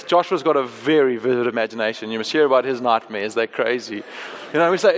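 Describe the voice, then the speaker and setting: Man, sermon, high voice, earnest and emphatic, long hall echo. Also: animated. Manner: earnest, swings from soft and slow to raised and emphatic. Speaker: pastor. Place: church hall.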